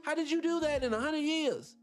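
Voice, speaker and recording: A man hosting a radio talk show, arguing his points in an animated, rhetorical way and repeating himself for emphasis. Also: extremely high pitch, a little fast, soft background music. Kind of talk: opinionated solo radio talk.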